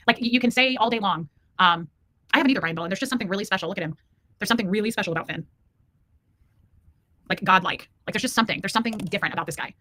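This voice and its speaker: Hosting a casual livestream from home, a woman reads viewers' comments aloud and chats affectionately with them. Her voice is medium in pitch with a sharp tone.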